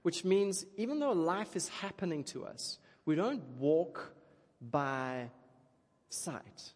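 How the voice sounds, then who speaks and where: A man delivers a sermon in a relaxed, animated manner, often checking in with the listeners. His voice is high for a man. A long reverb from a large hall hangs on every phrase. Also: slow pace. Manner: animated, chatty, keeps asking "okay?". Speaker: preacher.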